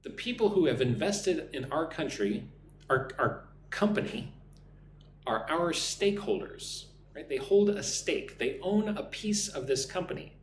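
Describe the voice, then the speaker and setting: A man teaching English on a live stream, drilling pronunciation slowly and deliberately and thanking viewers by name. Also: a little high, big pitch swings. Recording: roomy echo with faint hum.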